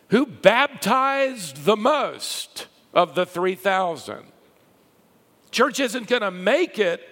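A man preaching a sermon, telling stories with lively rises and a hushed drop for the quiet parts. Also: high-pitched. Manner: lively storytelling, dropping to a hush for quiet lines. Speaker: pastor. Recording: long hall reverb.

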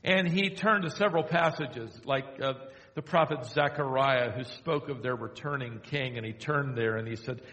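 A man's voice: mid-range voice, a bit bright. Older male preacher in an echoey hall. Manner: storytelling, slows down to quote scripture. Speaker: pastor. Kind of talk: sermon.

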